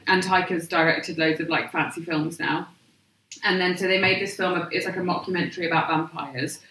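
A woman's voice: on the low side, steady tone, moderate pace, sharp tone, echoey room, far from the mic, rough recording. A woman, a podcast guest who tells rambling, self-deprecating stories with lots of laughter. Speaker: podcast guest, comedic actress. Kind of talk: casual chat.

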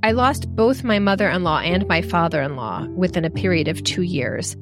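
A woman's voice: fairly low pitch, normal speed, music in the background. A middle-aged woman telling a personal story as a podcast guest, earnest and reflective, with many "like" fillers. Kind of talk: candid storytelling.

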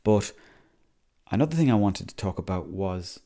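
A man's voice: deep voice, animated, normal speed, mellow. Irish man rambling on a podcast. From Ireland. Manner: rambling, chatty, swears freely. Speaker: podcast host. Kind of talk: casual solo podcast monologue.

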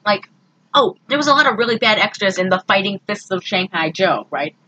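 A woman co-hosting a casual podcast, recapping a movie in an animated, exasperated way. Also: medium pitch, brisk, lo-fi sound. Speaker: podcast co-host.

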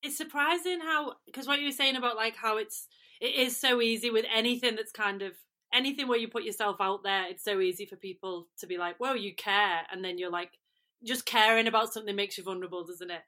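Bright giggly Liverpool woman. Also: fairly high pitch, fast talker. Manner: giggly, chatty, lots of fillers. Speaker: podcast co-host. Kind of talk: casual chat.

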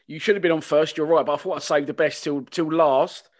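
A man's voice: on the high side, steady tone, a little fast. A man hosting a podcast, asking questions in a chatty, matey way. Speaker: podcast host. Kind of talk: casual interview.

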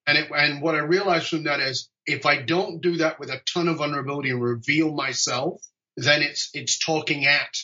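A man with a fairly high, bright voice chats as a podcast guest, animated and joking. He tells stories in a relaxed, conversational way. The sound is lo-fi, as it comes through a video call. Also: normal speed. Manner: animated, jokey, acts out quoted dialogue. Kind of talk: conversational storytelling.

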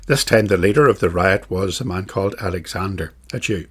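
A man teaching a catechism class on a bible passage, speaking in a measured, emphatic way and repeating phrases for stress. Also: low-pitched, breathy edge.

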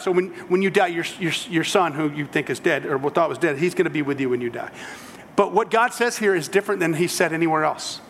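A man's voice: a little high, animated, fast talker, a bit bright, long reverb tail, a little hiss or hum. A man preaching a sermon, telling the story in a conversational way with humorous asides. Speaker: pastor.

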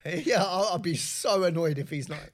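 Animated man co-hosting a podcast, slightly high. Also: moderate pace. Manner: animated, laughs often, calls everyone mate. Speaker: podcast co-host. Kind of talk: casual chat.

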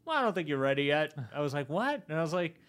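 A man, a comedian, telling animated, profane stories in casual podcast chat. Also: fairly high pitch, fast talker, smooth.

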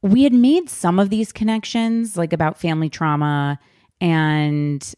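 A woman hosting a podcast in casual, chatty conversation, animated and full of fillers. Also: on the low side, measured pace, no echo, studio quality. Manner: chatty, animated, heavy use of "like". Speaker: podcast host.

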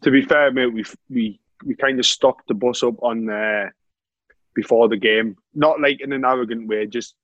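A man's voice: medium pitch, steady tone, moderate pace, no room sound, dull audio. A man telling stories in a casual chat, laughing often and saying "mate" constantly. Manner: laughs a lot while telling anecdotes, says "mate" constantly.

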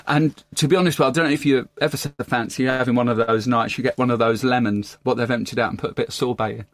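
A man's voice: medium pitch, fairly even intonation, fast, dry recording. A man hosting a comic chat, camp and jokey in his talk. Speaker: host. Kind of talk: comic chat show banter.

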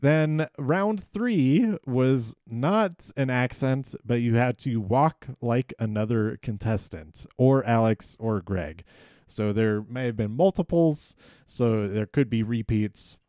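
A man talks slowly and loosely, stopping often to restart his sentences. His voice sounds smooth and clean. It is recorded close and dry, with no room echo. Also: mid-range voice, warm tone. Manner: rambling, hesitant, many ums and restarts. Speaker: podcast host. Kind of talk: casual solo recap.

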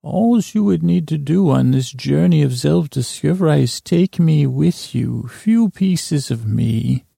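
A man's voice: a little high, animated, measured pace, vocal fry, few pauses, dark tone, breathy edge, no echo, studio quality, full character voice. A man voicing a manipulative female vine spirit, coaxing in a silky, wheedling way. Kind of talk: improvised comedy voice acting.

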